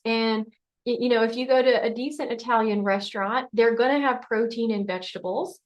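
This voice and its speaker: A woman's voice: on the high side, steady tone, brisk. A middle-aged woman, a functional medicine doctor, giving a conversational motivational health talk and acting out everyday scenarios. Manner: conversational, acts out scenarios in quoted voices.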